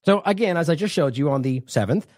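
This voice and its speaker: Animated, indignant male news commentator. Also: on the high side, quick pace, no echo, clean studio sound. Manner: indignant, sarcastic, emphatic. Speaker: independent news show host.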